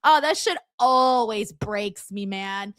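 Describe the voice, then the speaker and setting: Bright-voiced, laughing woman streamer. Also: mid-range voice, slow, no echo, studio quality. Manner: laughs often, swears freely, animated and chatty. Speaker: streamer hosting a wrestling watchalong. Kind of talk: casual chat reacting to a live show and reading comments.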